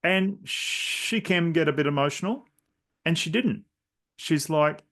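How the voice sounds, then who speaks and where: A man's voice: fairly high pitch, measured pace, fairly bright tone. A man hosting a podcast, telling stories in a casual, rambling way with many restarts. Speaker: podcast host. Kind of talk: casual storytelling chat.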